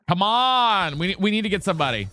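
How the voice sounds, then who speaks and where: Bright and forceful, this man's fairly quick, expressive voice sits high, recorded with no room sound. He's a chatty live game streamer who swears, addresses viewers as "girl and guys," and keeps asking his teammates if they've got mics.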